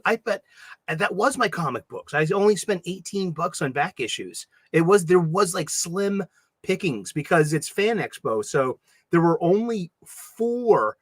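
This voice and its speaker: A man's voice: a little high, breathy edge, no echo, clean studio sound. A man with a Boston accent, a podcast co-host telling rambling stories in casual chat, full of restarts. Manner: rambling, animated storytelling with many restarts.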